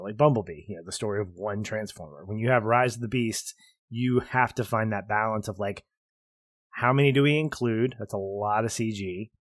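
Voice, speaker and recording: A man's voice: mid-range voice, dry recording. Guy on a movie podcast, chatty and rambly, laughs a lot, dry close mic sound. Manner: animated, laughs often, rambling. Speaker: podcast co-host. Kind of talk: casual film review chat.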